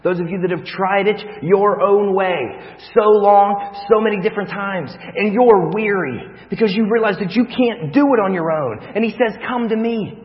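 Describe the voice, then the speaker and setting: A man preaching a sermon, telling a vivid story that swings from hushed to loud. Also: sits high, moderate pace, few pauses. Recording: long reverb, dull lo-fi sound.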